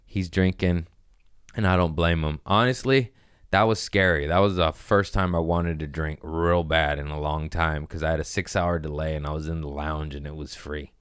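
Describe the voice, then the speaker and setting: A man's voice: very deep voice, fairly even intonation, moderate pace, a bit bright, clean tone, no echo. A man hosting a comedy podcast, telling stories in a laid-back, slangy, profane way close to the mic. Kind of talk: casual storytelling chat.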